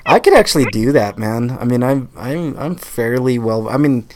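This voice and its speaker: A man hosting a live podcast in loose, casual chat. He gets animated and swears freely, often stumbling over the first words of a sentence before he finds his point. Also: medium pitch, normal speed, background noise. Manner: animated, swearing, repeats words when starting. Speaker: podcast host.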